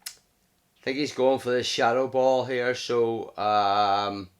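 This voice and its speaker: A man giving live gameplay commentary, excitable, cursing at setbacks and cheering his wins. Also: mid-range voice, slow pace. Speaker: gaming commentator.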